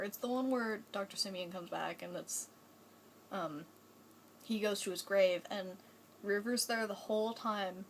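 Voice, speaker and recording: Young woman vlogger, mid-pitched, chatty and gushing, loose rambling delivery. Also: measured pace, slight background noise, low-quality recording. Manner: chatty and rambling, many "like"s and restarts; gushing, enthusiastic. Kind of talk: casual fan vlog.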